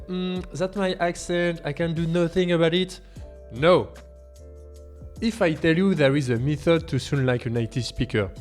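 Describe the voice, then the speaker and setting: A man with a French accent, a native French speaker, teaching a language lesson in an emphatic tone with rhetorical questions. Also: a little high. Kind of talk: scripted video lesson.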